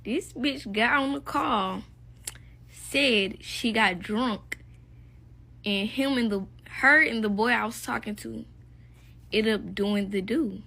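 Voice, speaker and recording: A young woman with a bright, fairly high voice tells a casual story-time. She is blunt, gossipy and profane as she talks. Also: slow pace, creaky.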